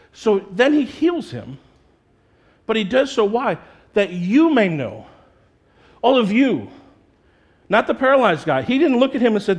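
A male pastor delivers a sermon in a lively, conversational way, swinging into playful quoted voices as he makes his point. His voice sits high for a man. He sounds like a young adult. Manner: animated, conversational preaching with playful put-on quotes.

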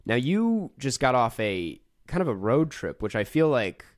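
Lively casual man co-hosting a podcast. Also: medium pitch, normal speed, no room sound, clean studio sound. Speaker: podcast co-host. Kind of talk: casual chat.

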